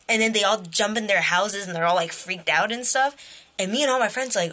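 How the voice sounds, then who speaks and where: Young woman vlogger, bright clear voice, casual camera-mic storytelling with lively quoted voices. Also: quick pace. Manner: animated storytelling with quoted voices jumping high in pitch. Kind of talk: casual dream retelling to camera.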